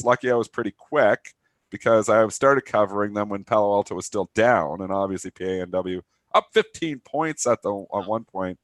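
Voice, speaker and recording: A man in his thirties with a cold, co-hosting a live trading show in animated, rapid chat. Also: on the low side, dry recording. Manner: animated, rapid trader talk. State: stuffy from a cold. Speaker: co-host of a trading talk show. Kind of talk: casual live market chat.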